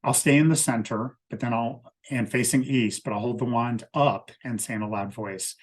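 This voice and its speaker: A man with a voice of ordinary pitch, walking listeners through a ritual one step at a time. His delivery is steady and methodical. He sounds like a leader preparing a group for a ceremony. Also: moderate pace, hardly any pauses. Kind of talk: explaining a ritual walkthrough.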